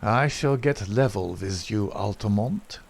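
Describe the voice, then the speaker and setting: A man's voice: mid-range voice, big pitch swings, a little mellow, slight background noise. A man reading as a grim captured spy. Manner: slow, grim and resentful. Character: bitter captured foreign spy, male, strong.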